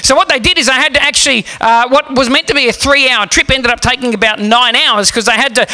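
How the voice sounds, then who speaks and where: A man preaching a sermon, telling a story in an animated, humorous way. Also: extremely high pitch, fast talker. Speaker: pastor.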